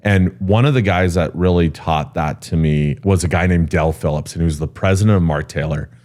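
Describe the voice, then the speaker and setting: A man being interviewed, telling workplace stories in a candid, animated way and often filling pauses with "um" and "you know". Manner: animated storyteller who jumps high when quoting people; frequent fillers like um and you know. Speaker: guest, real estate executive.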